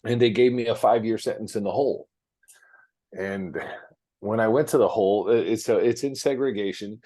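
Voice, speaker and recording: A man's voice: fairly low pitch, normal speed, mellow. A man talking frankly as an interview guest, with many fillers and restarts, from his office. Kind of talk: casual interview storytelling.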